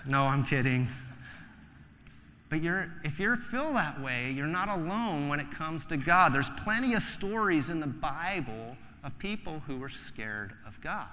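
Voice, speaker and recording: Bright, high-voiced pastor in a reverberant hall. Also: male voice, lively intonation, measured pace, slight background noise. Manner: conversational and joking, acts out voices in stories. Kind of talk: sermon.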